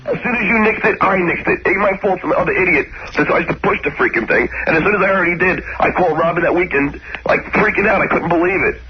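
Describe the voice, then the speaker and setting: A man's voice: high-pitched, quick pace, hardly any pauses, over a noisy crowd. A man on a radio show defending himself and apologizing over and over, stammering as he talks. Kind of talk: radio talk show banter. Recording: dull lo-fi radio broadcast with clear background noise.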